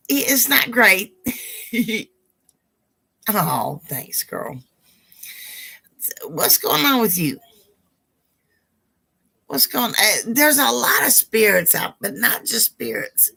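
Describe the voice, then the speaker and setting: Hosting a live psychic Q&A stream, a woman chats affectionately with her viewers. Her voice is hoarse and rough, on the high side and a bit bright.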